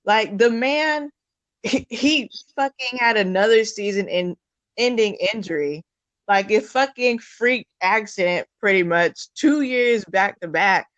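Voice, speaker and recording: A woman's voice: medium pitch, a little slow, fairly bright tone, dry recording. A woman co-hosting a casual sports talk show, blunt, heated and profane. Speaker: podcast co-host.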